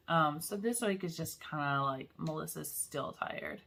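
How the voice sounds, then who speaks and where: A middle-aged woman talks casually to her viewers in a bright, forceful voice that sits a little low. She is chatty and emotional and laughs between sentences. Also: normal speed, gravelly, hardly any pauses. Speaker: vlog host. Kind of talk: casual chat.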